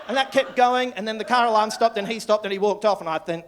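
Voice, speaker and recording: An Australian man in his sixties doing live stand-up comedy, rambling and sweary in an excitable storytelling manner. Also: high voice, quick pace, few pauses, background noise. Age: 60s. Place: comedy club stage.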